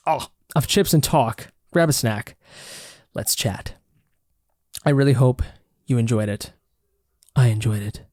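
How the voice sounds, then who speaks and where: A man's voice: mid-range voice, darkish tone, dry recording, studio quality. A man hosting a casual solo podcast, rambling and swearing freely as he corrects himself mid-sentence. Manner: rambling, profane, self-correcting. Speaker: podcast host.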